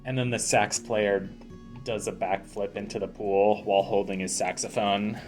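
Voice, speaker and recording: A man's voice: lowish voice, flat delivery, moderate pace, soft background music. A man giving rambling, self-deprecating commentary while playing a video game. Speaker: let's play commentator.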